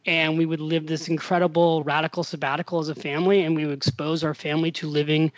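A fast-talking, middle-aged American man with a slightly high voice guests on a podcast from his home in Italy. The sound is lo-fi with no echo. He recounts a long story conversationally, animatedly performing the voices of everyone he quotes.

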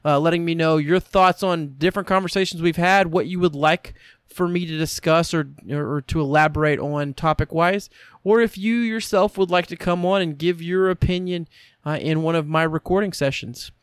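A man's voice: on the high side, normal speed, clean tone, no echo, clean studio sound. A man hosting a casual podcast, joking and rambling loosely. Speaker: podcast host. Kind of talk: casual chat.

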